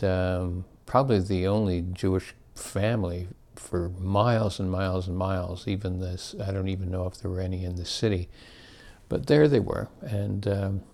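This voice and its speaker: Older man, deep and gravelly, telling childhood stories in a loose, wandering way. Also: mellow. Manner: rambling, self-correcting, chuckling. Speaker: storyteller. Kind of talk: casual reminiscence.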